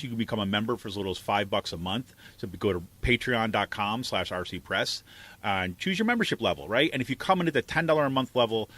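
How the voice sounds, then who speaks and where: A middle-aged man hosting a casual political talk show, animated and loose, laughing often. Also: fairly low pitch. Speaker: podcast host and editor.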